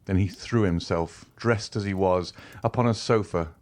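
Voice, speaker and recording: A man narrating a classic novel audiobook in a measured, even storytelling manner. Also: sits low.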